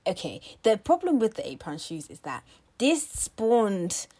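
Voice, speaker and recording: A woman co-hosts a podcast in relaxed, animated chat, quick to agree and to laugh. Her voice rises and falls a great deal, at a medium pitch. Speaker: podcast co-host. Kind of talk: casual chat.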